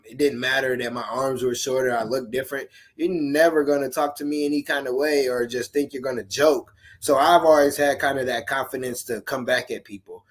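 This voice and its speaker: Blunt, animated man in casual talk. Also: medium pitch. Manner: blunt, animated storytelling with colloquial speech. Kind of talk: casual conversational chat.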